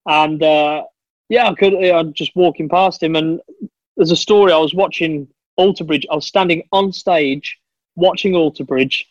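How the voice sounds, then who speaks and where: A man's voice: on the high side, moderate pace, no echo. Man, casual podcast chat, eager storyteller, lo-fi dull recording. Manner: chatty, enthusiastic storyteller, says "mate" a lot. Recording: dull lo-fi dry sound.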